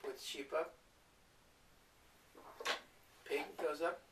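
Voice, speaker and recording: A man's voice: on the high side, steady tone, moderate pace, far from the mic. A man playing with a toddler at home, coaxing him along and making animal sounds for him. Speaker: family member playing with a toddler. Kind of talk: home video play with a toddler. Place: home room. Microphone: camcorder from across the room. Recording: echoey home camcorder audio with loud noise.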